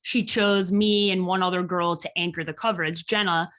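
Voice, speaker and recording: A woman's voice: lowish voice, moderate pace. Casting note woman from Chicago telling stories. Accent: slight Chicago. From Chicago, USA. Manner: animated, quotes people in lively voices. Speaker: podcast guest. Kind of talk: casual interview storytelling.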